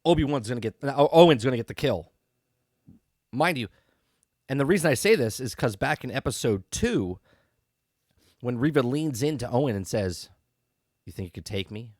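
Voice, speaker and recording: A podcast host reviews a TV episode in a rambling, emphatic way, mocking and incredulous, constantly checking in with listeners by asking "okay?" and "right?" His medium-pitched voice is animated and a little mellow, at normal speed with long pauses. The recording is dry and studio quality.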